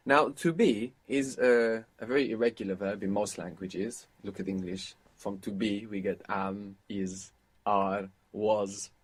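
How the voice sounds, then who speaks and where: A man's voice: lowish voice, fairly even intonation, measured pace. A man teaching a language lesson, patiently explaining and prompting his learner to repeat.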